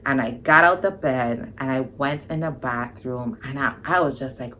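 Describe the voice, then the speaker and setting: A woman's voice: rumbling low, normal speed, hardly any pauses, a little hiss or hum. A young woman vlogger telling a personal story in a casual storytime style, acting out the dialogue. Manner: animated storytelling, acts out quoted dialogue.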